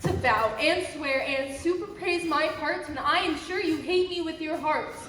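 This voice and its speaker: A woman's voice: high voice, normal speed, a bit bright. A young woman playing a wounded, indignant young woman, delivering verse on a school stage. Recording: echoey hall with long reverb.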